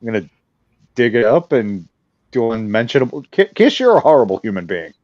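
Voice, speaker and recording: Lively male jokester, mocking, dry lo-fi mic sound. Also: medium pitch, fairly quick, dry recording. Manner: wisecracking, mocking. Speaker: podcast co-host. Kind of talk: casual podcast chat.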